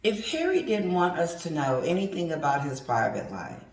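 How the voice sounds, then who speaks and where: In an echoey room, a middle-aged commentary vlogger talks straight to her audience, greeting them before launching into a sassy, emphatic rant. Her voice is fairly low, swings hugely in pitch, and moves at a moderate pace.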